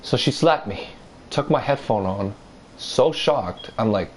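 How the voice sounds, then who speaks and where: A little slow, a man recounts something that happened to him, rambling and swearing throughout. He animatedly voices others' lines in a higher pitch; the audio is poor, with slight background noise.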